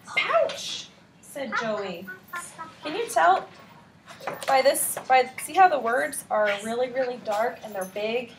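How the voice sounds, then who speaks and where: A woman teacher in a classroom, reading a picture book aloud to her class with an animated read-aloud voice and asking the children questions. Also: on the high side, unhurried, noisy background.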